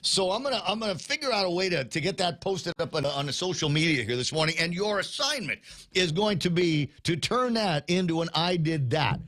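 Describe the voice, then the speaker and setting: A man's voice: sits high, animated, a little fast, fairly bright tone, dry recording. A man hosting a morning radio show, chatting casually and joking, with lots of fillers and restarts.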